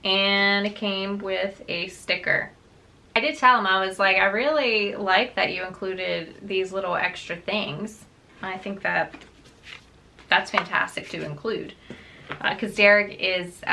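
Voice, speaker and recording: Chatty bright-voiced woman telling a story. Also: medium pitch, creaky, slight background noise. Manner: chatty, animated, laughs often, many fillers. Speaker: book vlogger. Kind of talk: casual storytelling chat.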